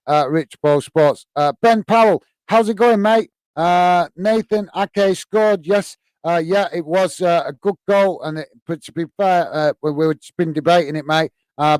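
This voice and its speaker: A man's voice: on the high side, clear, resonant tone, dry recording. A man from the UK hosting a live football watch-along, reading viewer comments in a hesitant, friendly way with lots of fillers and calling people mate.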